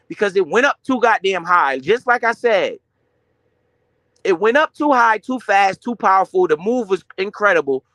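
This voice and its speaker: This young adult finance streamer has a high-pitched voice and a loose, slangy, profane style. He animatedly fields his own questions, and his voice comes through dry and close, free of room echo.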